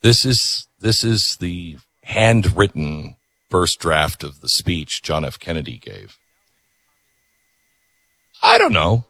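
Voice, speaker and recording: A man's voice: low voice, wildly swooping pitch, slow, long pauses, sharp tone, dry recording. A man hosting a talk show, ranting and sarcastic, then reading an ad in his own voice. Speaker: radio talk host. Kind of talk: opinionated talk show monologue.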